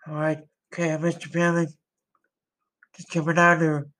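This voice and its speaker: A man's voice: fairly high pitch, completely flat delivery, moderate pace, fairly bright tone. A man in an amateur solo role-play as a soldier, talking in loose, rambling, earnest phrases.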